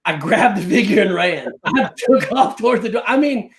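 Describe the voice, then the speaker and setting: A man chatting as a guest, telling a story in an animated, excitable way. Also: high voice, normal speed, a crowd in the background. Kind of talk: casual chat.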